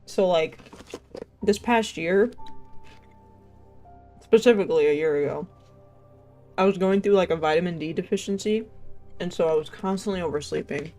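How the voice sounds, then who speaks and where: Speaking on the low side with a dark tone, a young woman streamer moves at a moderate pace with long pauses. She's chatty and rambling, filling her speech with "like" and "um" and laughing often between sentences, with faint game music behind.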